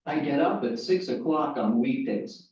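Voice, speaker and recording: An actor playing a young male student who works part-time, reading a textbook dialogue in a plain, measured way. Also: mid-range voice, expressive, a little mellow, close to an everyday voice. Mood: relaxed. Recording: echoey, distant, lo-fi course audio.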